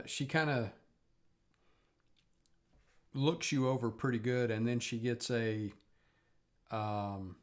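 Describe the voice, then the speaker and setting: A man narrating as game master of a tabletop game, hesitant, with many fillers. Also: lowish voice.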